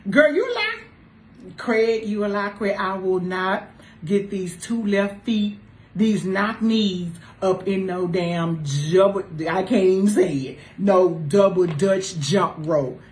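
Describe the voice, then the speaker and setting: Lower-voiced woman teasing in a roomy space. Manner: animated, teasing, swings between loud exclamations and low asides. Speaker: talk show panelist. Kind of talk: casual group chat. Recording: roomy echo with faint noise.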